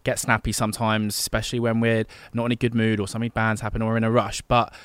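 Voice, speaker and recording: A man's voice: on the low side, monotone, fast talker, smooth, no echo. A young man co-hosting a podcast, chatty and supportive, mimicking people in his stories. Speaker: podcast co-host. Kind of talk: casual podcast chat.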